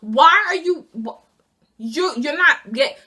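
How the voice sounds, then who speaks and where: A seventeen-year-old girl telling a storytime vlog about losing her job, in an animated, exasperated rant. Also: high-pitched, slow. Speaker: student vlogger.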